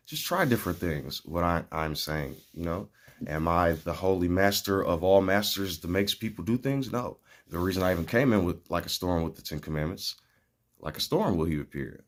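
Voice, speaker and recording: Man with a lowish voice, earnest and meandering, preaching in a casual spiritual talk. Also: moderate pace. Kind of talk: rambling spiritual monologue.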